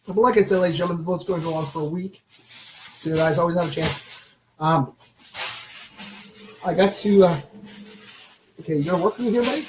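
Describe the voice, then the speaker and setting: A man's voice: high voice, brisk, long pauses, noisy background. Chatty man cooing over a baby lizard. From Canada. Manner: chatty, many fillers, coos softly at the animal. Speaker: streamer showing a pet lizard. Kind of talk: casual livestream chat.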